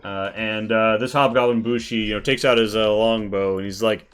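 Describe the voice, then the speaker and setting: A man narrating a tabletop game as game master, casual and halting with many fillers. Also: lowish voice, steady tone, fairly bright tone, clean tone.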